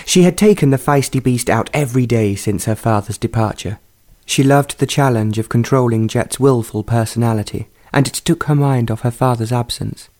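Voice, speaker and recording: A man narrating a period romance novel in a measured, even reading voice. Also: medium pitch. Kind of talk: storybook narration.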